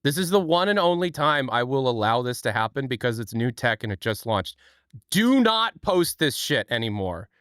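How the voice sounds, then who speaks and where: A man's voice: moderate pace, clear, resonant tone, no echo. A man hosting a live stream in casual chat, thanking viewers and swearing freely. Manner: animated, swings pitch, thanks viewers, swears. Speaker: livestream host.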